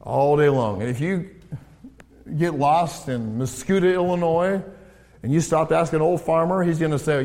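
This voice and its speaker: A middle-aged American man preaching in a church, his fairly high voice swinging from raised emphasis down to low, hushed asides. A long reverb from the hall trails after each phrase. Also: normal speed. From United States. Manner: animated preaching, rising for emphasis, then dropping low. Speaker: pastor and counselor. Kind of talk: sermon.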